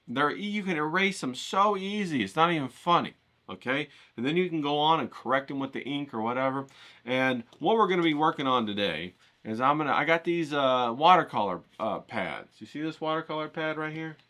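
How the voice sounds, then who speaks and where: Man, art vlog host; animated, bright delivery; loose, pumped, coaching tone with casual swearing. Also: on the high side, moderate pace. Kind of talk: casual drawing tutorial to camera.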